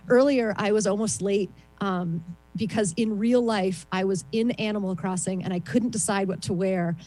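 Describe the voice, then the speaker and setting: A woman doing a rambling, self-deprecating stand-up set over a video call, with a voice she calls shrill and lots of ums. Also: fairly even intonation, normal speed, mellow, rough recording. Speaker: stand-up comedian.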